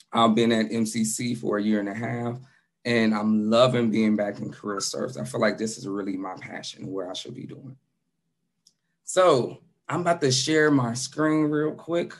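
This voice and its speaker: Chicago guy in his 40s introducing himself at a workshop, outgoing and chatty, mid pitch, on a video call from home. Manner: casual, outgoing, repeats himself. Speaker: career services manager and business instructor.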